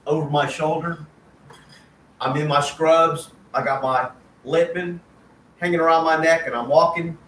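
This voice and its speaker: A man's voice: on the high side, bright, forceful tone, roomy sound, slight background noise. A man in his fifties, a former nurse, telling his story in an emphatic, aggrieved way. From East Texas. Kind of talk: casual spoken storytelling.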